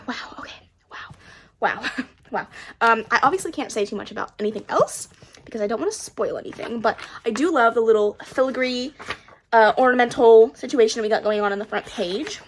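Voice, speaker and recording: A young woman who runs a book vlog chats casually at home into a camera mic, gushing with breathless excitement. Her voice is on the high side, and there's slight background noise.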